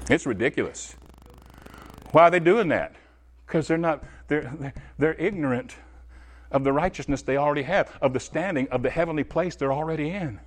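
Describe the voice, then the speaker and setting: A man preaching a sermon, animated, swinging from loud high bursts to low quiet asides, talking straight to his congregation. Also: moderate pace.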